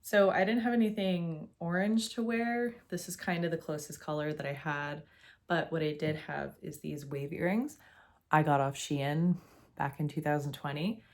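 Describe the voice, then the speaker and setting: A woman's voice: low voice, fairly even intonation, normal speed, a little mellow. A young woman in a casual, opinionated video essay, chatty and full of "like"s, talking to a camera at home. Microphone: facing a camera.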